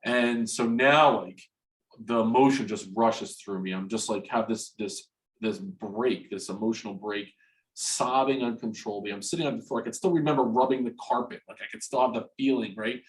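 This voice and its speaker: Frank, halting man in his forties. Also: mid-range voice, rough recording. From New Jersey, US. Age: 40s. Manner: frank, halting, repeats words, swears freely. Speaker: interview guest. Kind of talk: candid personal storytelling.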